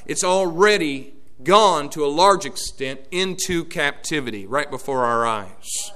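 A man preaches a sermon in a notably high voice. He swings from quiet, low passages up to fervent shouted appeals aimed at his congregation. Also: animated, a little slow.

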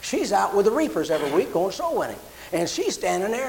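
A pastor in the pulpit tells a story in a high voice. He talks in a homespun way, circling back and restarting his phrases as he goes, with a faint hiss behind him. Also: big pitch swings, brisk, low-quality recording. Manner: folksy, repeats and restarts phrases. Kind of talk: sermon storytelling.

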